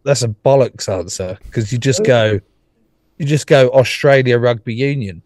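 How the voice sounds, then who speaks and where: A man's voice: medium pitch, normal speed, a little mellow, no room sound. English bloke swearing n teasing the lads, dry close sound, video call from his car. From England. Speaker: guest. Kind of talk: casual chat.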